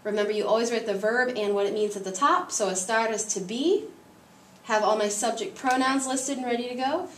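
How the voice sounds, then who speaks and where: A woman's voice: on the high side, fairly quick, slight background noise. Female teacher, patient and methodical, recorded at a distance in a reverberant room. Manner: patient, explains step by step. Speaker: Spanish teacher. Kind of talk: classroom grammar lesson.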